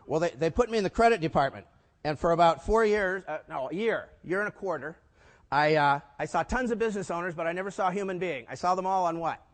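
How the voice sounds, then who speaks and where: An older man speaks to a live audience at a conference, his slightly higher voice carrying through a large hall with a long reverb. He tells stories in a lively way, pausing to quiz the crowd with rhetorical questions. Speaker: keynote speaker. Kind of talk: storytelling conference talk.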